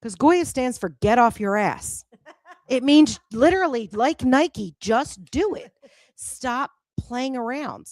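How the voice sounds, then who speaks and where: A woman coach hosting a talk show, telling a story in a direct, lively way. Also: a little high, takes it slowly, dry recording. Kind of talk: casual chat.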